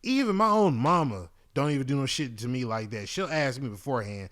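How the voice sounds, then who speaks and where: A man's voice: medium pitch, lively intonation, fairly quick, few pauses, fairly bright tone. A man hosting a podcast, telling a long story in a casual, rambling way, full of profanity and fillers. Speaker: podcast host.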